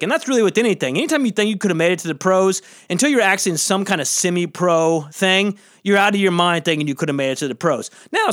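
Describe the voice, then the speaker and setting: Fast-talking high-voiced male comedian. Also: a bit bright. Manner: rambling, emphatic, acts out quoted people. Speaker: comedian and podcast host. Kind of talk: solo podcast rant.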